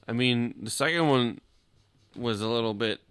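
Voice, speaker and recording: A man's voice: medium pitch, moderate pace, a bit bright, smooth, dry recording. A tipsy man co-hosting a podcast, bantering casually and teasing between laughs. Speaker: podcast co-host.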